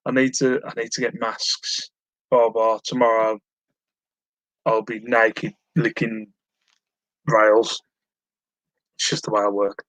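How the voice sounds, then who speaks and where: A man with a lowish, fairly bright voice talks slowly, with little pitch movement and long pauses. He's live streaming from home, chatting casually, rambling, and reading his viewers' messages aloud with self-mocking humour. The recording is dry and rough.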